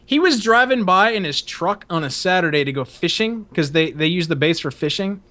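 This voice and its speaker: A young man spins a long story to his co-host on a casual podcast. His voice sits a bit high for a man, and his talk is loose, rambling and full of swearing and laughs. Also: animated, a little fast, sharp tone. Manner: profane, rambling, laughs often.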